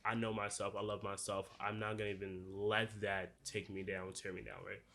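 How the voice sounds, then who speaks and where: A man's voice: fairly low pitch, little pitch movement, normal speed, pushed and bright. A young man with a noticeable accent co-hosting a podcast, talking earnestly and loosely with lots of "like" and restarts. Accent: noticeable non-standard accent. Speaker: podcast co-host. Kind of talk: casual podcast discussion.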